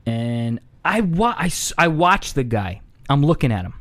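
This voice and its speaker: A man casually telling a comedic anecdote, conversational with many fillers and asides, getting louder and higher as the story heats up. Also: moderate pace, few pauses. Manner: animated, rising excitedly when impersonating locals.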